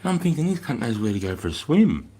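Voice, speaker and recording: A man's voice: mid-range voice, sing-song, quick pace, mellow, breathy edge. A middle-aged man hosting a livestream in casual chat, swearing freely, rambling and laughing as he reads out viewer comments. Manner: profane, rambling, laughs often. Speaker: livestream host.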